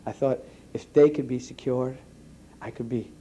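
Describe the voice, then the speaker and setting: A man, an EMT giving an earnest personal testimony to an audience, halting and repeating his words. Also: medium pitch, fairly even intonation, warm tone, slight background noise. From New York. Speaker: EMT speaking to a conference.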